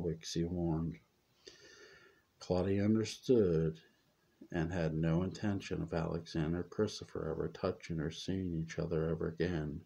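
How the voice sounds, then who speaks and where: A man reading a serialized story aloud as narrator, unhurried, with occasional stumbles over words. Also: deep voice, level tone, gravelly, warm tone. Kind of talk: reading fan fiction aloud.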